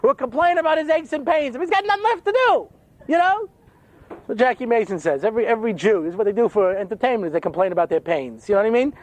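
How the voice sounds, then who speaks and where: A man's voice: very high voice, quick pace. An older man giving a humorous lecture as a rabbi, telling stories and acting out quotes. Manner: animated storytelling with jokes and acted-out quotes.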